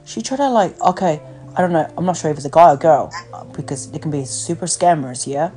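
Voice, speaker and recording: A woman's voice: sits low, lively intonation, fairly quick, mellow. A woman hosting a podcast, ranting bluntly in casual chat with lots of swearing and fillers. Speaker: podcast host. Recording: phone call with faint music.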